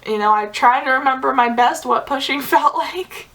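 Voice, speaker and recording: A young woman talks straight to her viewers in a relaxed, chatty vlog. Her voice sits a little high, and she fills her sentences with "like" and quick giggles. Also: rough recording. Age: young adult. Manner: chatty, many "like" fillers, giggly asides. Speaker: vlogger. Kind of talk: casual storytelling to camera.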